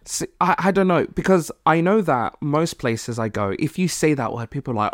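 A podcast co-host from Malawi chatting casually, rambling and quick to laugh. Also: medium pitch, animated, no echo, studio quality. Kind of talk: casual chat.

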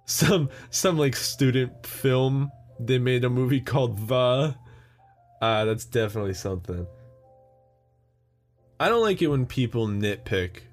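Slow, rambling young American guy. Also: medium pitch, expressive, soft background music. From United States. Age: young adult. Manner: rambling and joking, with lots of fillers and laughs. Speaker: podcast host. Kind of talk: solo casual chat.

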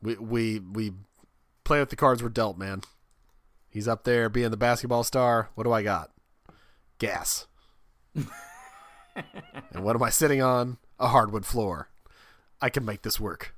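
A man's voice: fairly low pitch, a little slow, long pauses, a bit bright, dry recording. A man co-hosting a casual comedy podcast, riffing playfully and jumping into silly bits. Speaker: podcast co-host.

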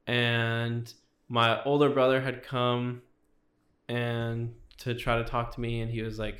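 Young male guest, flat delivery, rambling testimony, heavy "like" fillers. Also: medium pitch, slow. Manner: rambling, fills with 'like' constantly. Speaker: podcast guest. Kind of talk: casual testimony storytelling.

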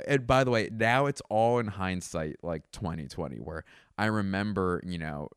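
A man's voice: low-pitched, lively intonation, moderate pace, smooth, no room sound, studio quality. A man around thirty talking in a casual, rambling monologue at home, often mocking himself and laughing. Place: indoors at home.

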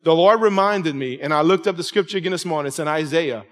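In a church sanctuary with his congregation, a pastor in his forties preaches emphatically and conversationally, often checking in with "right?". His voice sits on the high side, quick and a bit bright, echoing through the large hall.

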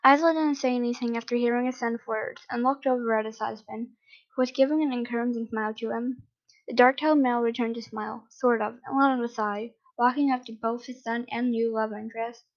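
A woman reading fan fiction aloud in a plain, steady way with small slips. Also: fairly high pitch, fairly quick. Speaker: reader. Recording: dull lo-fi recording.

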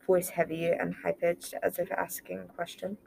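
A woman narrates a homemade short story in a gravelly, mellow voice, slipping into a near-whisper for the softer lines. A faint hiss of background noise sits under the reading. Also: lowish voice, little pitch movement, moderate pace, poor audio. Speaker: reader of an original short story. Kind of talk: amateur story narration with dialogue.

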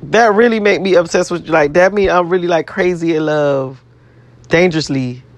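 A woman with a fairly low pitch speaks at normal speed, recorded with no echo. In casual self-talk to camera, this vlogger rambles brashly and profanely, boasting about herself and repeating things for her viewers.

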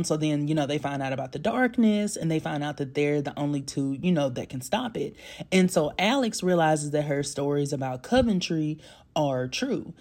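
A man's voice: on the high side, expressive, normal speed, a little mellow. A man giving a casual, chatty movie recap, laughing often and poking fun at himself. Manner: chatty, laughing, self-mocking, slangy. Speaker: movie reviewer.

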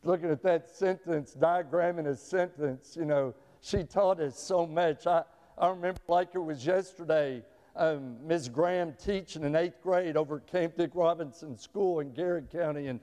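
Speaking at a normal speed, this middle-aged pastor has a fairly high, slightly mellow voice. He preaches in a church sanctuary, spinning folksy tales and often repeating himself, and the recording carries a large hall's long reverb.

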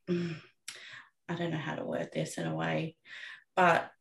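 A woman's voice: low voice, monotone, slow, gravelly, fairly bright tone, slight background noise. A woman in her thirties, a mother and coach, talking frankly and reflectively as a podcast guest, swearing casually. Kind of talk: candid podcast conversation. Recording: roomy echo.

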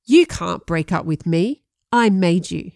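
A sneering, menacing teenage bully, as a woman reading an audiobook puts him on. He threatens in a somewhat low voice, and the recording is dry and close with no room echo. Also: animated, a little slow, creaky, darkish tone. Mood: furious. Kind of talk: audiobook narration.

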